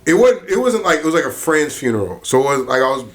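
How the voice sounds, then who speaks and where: A man who is a guest on a comedy podcast, telling a funny story in an excitable, casual way and laughing often. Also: a little high, fast talker.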